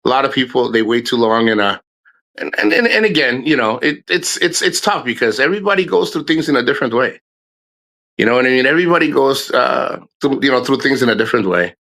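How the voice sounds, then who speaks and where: A man's voice: medium pitch, lively intonation, quick pace, vocal fry, pushed and bright. A middle-aged man streaming live, talking casually and candidly, swearing and restarting his sentences often. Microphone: streaming microphone.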